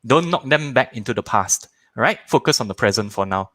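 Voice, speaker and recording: His voice sits mid-range and moves fairly quickly, with no room sound at all. He's a thirtysomething Malaysian English speaker leading a live online parenting session, lively, switching voices to act out mini scenes and doubling up words for emphasis.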